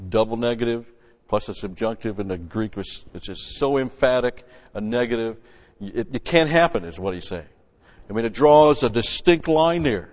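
A man teaching through Bible verses as a pastor, punching key words loudly and then dropping into quick, quieter asides. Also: medium pitch, lively intonation. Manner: emphatic, swells loud on scripture then drops to asides. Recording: lo-fi recording with long hall reverb.

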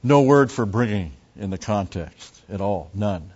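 A man's voice: fairly low pitch, lively intonation, measured pace, a little mellow, husky. A man preaching a methodical Bible teaching, explaining Greek words and repeating key terms. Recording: dull lo-fi recording.

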